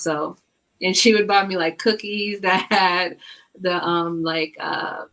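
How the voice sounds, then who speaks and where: A woman telling stories in a casual chat, animated and laughing, with many fillers. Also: mid-range voice, slow, long pauses. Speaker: book club guest.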